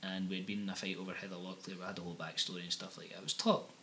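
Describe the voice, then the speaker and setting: Scottish male co-host, young adult, bright edgy tone; rambling, sweary storyteller, background hiss. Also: sits low, little pitch movement, very fast. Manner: rambling, anecdotal, crude, swears freely. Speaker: podcast co-host. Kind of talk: casual comedic chat.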